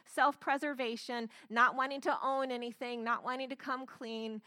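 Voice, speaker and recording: A woman's voice: a little high, steady tone, normal speed, few pauses, a bit bright, no echo, clean studio sound. A woman pastor preaching a sermon, telling the story dramatically and acting out the quotes.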